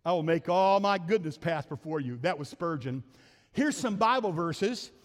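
Middle-aged male pastor, Midwestern American accent, high-pitched preaching voice with call-and-response, recorded in a reverberant church hall. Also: expressive, normal speed. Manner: drops to a soft, low storytelling voice in anecdotes. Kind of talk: sermon. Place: church sanctuary.

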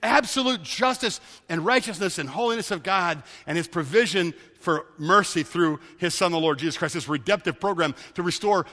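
A man delivers a sermon as pastor, his voice pitched high and ringing bright. He presses his points by repeating key words. A long reverb from the large hall trails each phrase. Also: moderate pace, hardly any pauses.

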